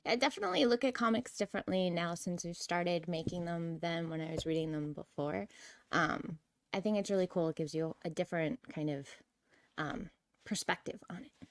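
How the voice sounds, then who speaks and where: A woman's voice: fairly low pitch, fairly quick, dry recording. A woman co-hosting a casual livestream chat, talkative and greeting viewers from the chat. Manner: chatty, reads out chat messages, babbles. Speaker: livestream co-host.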